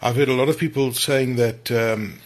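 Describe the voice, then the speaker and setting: A man's voice: mid-range voice, normal speed. A man co-hosting a casual tech podcast, chatty and repeating his phrases. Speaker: podcast co-host.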